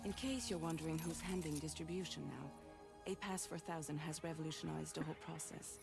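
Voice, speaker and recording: A woman's voice: low-pitched, a little fast, creaky. An actress voicing a grave woman who briefs a courier in a game cutscene, speaking solemnly. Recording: game audio with music behind.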